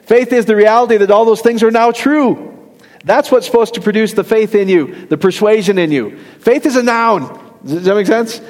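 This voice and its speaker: A middle-aged man whose voice sits high and slightly mellow, at a normal speed, preaches a humorous, conversational sermon. In the church hall, with its long reverb, he frequently asks the congregation questions and laughs at his own jokes.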